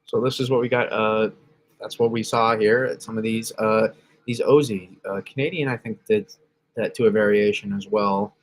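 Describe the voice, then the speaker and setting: A man's voice: on the low side, steady tone, normal speed, a little hiss or hum. A man hosting a casual weather stream, rambling through model maps, often correcting himself and reacting to chat. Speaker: weather channel host. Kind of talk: casual livestream weather analysis.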